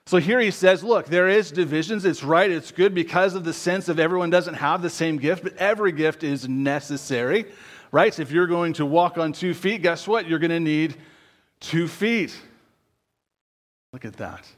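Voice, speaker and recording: A pastor preaches a sermon conversationally at normal speed. He often adds tag questions and drops low and quiet on key words.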